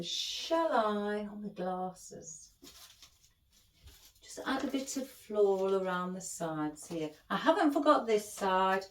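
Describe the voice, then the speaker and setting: A woman's voice: mid-range voice, slight background noise. A middle-aged woman chatting as she hosts a craft tutorial, rambling and affectionate toward her viewers. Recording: echoey room.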